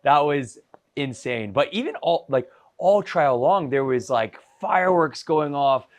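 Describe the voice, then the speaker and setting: A man who handles dogs in competition, talking casually on a podcast in a measured, soft-spoken way with "like" fillers. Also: a little high, lively intonation. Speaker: dog sport handler.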